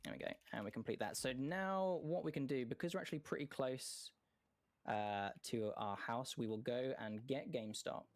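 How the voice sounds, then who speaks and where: A man giving live speedrun commentary in a chatty way, often correcting himself and joking. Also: medium pitch. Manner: chatty, self-correcting, quick jokes and laughs.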